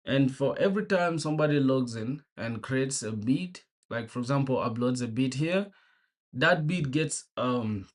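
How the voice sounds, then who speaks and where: A young man with an average-pitched voice, live-streaming his coding session. He chats casually and thinks out loud as he works. He calls his viewers "bro" and greets them by name. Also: animated, moderate pace. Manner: laid-back and slangy, greeting viewers by name and thinking aloud.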